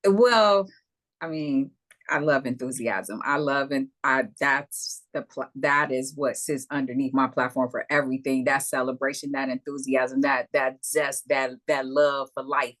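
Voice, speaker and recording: A woman's voice: a bass voice, steady tone, unhurried, fairly bright tone. A woman spiritual coach co-hosting a motivational live chat, speaking emphatically and repeating key phrases.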